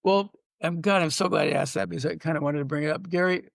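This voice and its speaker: A man's voice: a little high, fairly even intonation, fast, vocal fry, no room sound, studio quality. An older man, a sitcom writer and producer, telling rambling anecdotes in a casual interview, full of fillers and restarts.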